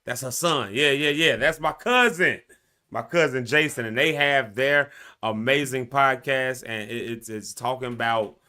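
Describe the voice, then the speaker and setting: Here the Southern-accented man sounds unhurried, his mid-range voice pushed and bright. Hosting a morning livestream, he keeps the chat loose and full of laughter, calls his viewers y'all, and talks them through breathing tips.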